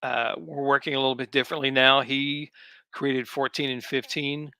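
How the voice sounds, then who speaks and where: A man's voice: medium pitch, little pitch movement, moderate pace, gravelly, sharp tone, clear, resonant tone, no echo. A man, a comics writer, talking easily as a guest in a casual interview, thinking aloud as he goes. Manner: easygoing, thinks aloud with ums.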